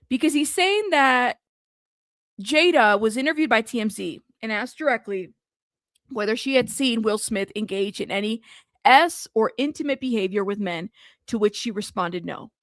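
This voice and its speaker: A woman's voice: a little high, expressive, normal speed, fairly bright tone, no echo, studio quality. A woman hosting a news commentary channel, reading a lawsuit aloud for her viewers and breaking into amused asides. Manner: reads legal text aloud, breaks into amused asides and laughter.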